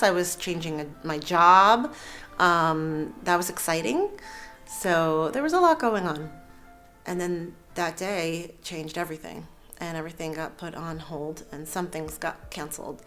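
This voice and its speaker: Soft-spoken woman with a low voice. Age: 30s. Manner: earnest, halting, with frequent fillers and soft laughs. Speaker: interviewee sharing a personal story. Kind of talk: candid personal testimony.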